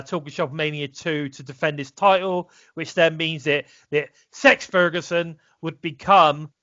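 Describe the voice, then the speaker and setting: On a casual wrestling review podcast, this British co-host talks in a high, pushed, bright yet smooth voice. He rambles, using many fillers and restarts; the audio is dull, dry, slightly lo-fi and echo-free.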